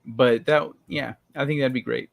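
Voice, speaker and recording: This man's voice is medium in pitch and gravelly, with fairly even intonation and a moderate pace, captured dry. He hosts a casual livestream, reading viewer comments, cursing often and joking around with chat in a loose way.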